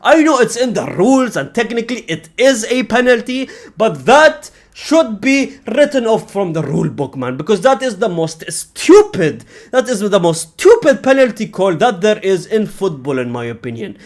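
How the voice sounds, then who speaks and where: A young man in a casual football reaction rant, his voice sitting a little high and swinging widely as he gets exasperated. He talks straight at the viewer, swears freely and keeps tacking "man" and "fam" onto his lines. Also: sing-song, moderate pace, hardly any pauses.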